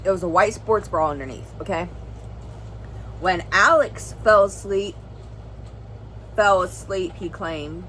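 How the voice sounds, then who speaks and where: A woman's voice: lowish voice, takes it slowly, pauses often, a bit bright, a little hiss or hum, rough recording. A young woman vlogger telling a serious personal story in an earnest, rambling way, full of "like" and "well". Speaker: family vlogger.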